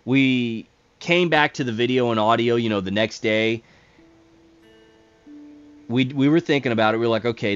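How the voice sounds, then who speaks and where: A man hosting a gaming video, telling a long personal story in a casual, rambling way, repeating words, swearing when excited and acting out the radio calls. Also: medium pitch, lo-fi sound. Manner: acts out radio calls in quoted voices, gets heated. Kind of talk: casual storytelling over gameplay.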